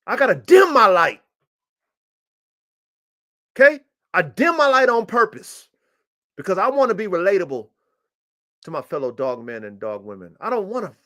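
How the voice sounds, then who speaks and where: In a sing-song, sharp-toned voice, a male dog breeder talks about his working dogs on a livestream at a moderate pace, pausing often. The casual monologue comes through a streaming mic, and he's boastful, swaggering and profane, his pitch jumping when he gets hyped.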